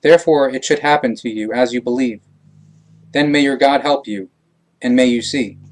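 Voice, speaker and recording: Man slowly reading scripture aloud. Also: medium pitch. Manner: slow, measured, solemn reading. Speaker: reader.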